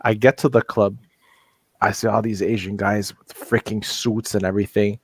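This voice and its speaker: A man on a casual panel show, telling animated anecdotes with blunt profanity. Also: lowish voice, normal speed, husky.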